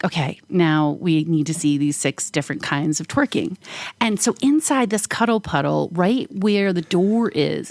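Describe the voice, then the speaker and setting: A woman co-hosting a podcast, telling a casual story full of "like" fillers and acting out quoted voices with big jumps in pitch. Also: dry recording. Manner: frequent "like" fillers. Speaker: podcast co-host.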